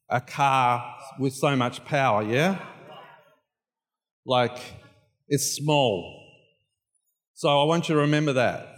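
A man preaching a sermon as pastor, moving from quiet prayer to loud, emphatic repetition. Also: medium pitch, big-room sound.

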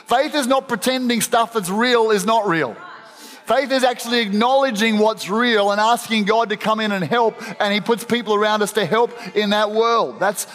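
A man with a notably high voice preaches to his congregation, earnest and emphatic, tripping over restarts as he makes his point. He slips in playful asides between serious beats. His voice carries a long, lingering reverb from a large church hall. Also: fairly bright tone. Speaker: pastor. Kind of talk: sermon.

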